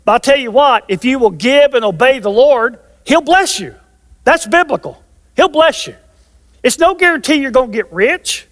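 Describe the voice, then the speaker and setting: A man's voice: very high-pitched, fairly bright tone. A man in his sixties preaching a sermon as a pastor, emphatic and repeating key phrases for stress, heard in a large church sanctuary. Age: 60s. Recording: long reverb of a large hall.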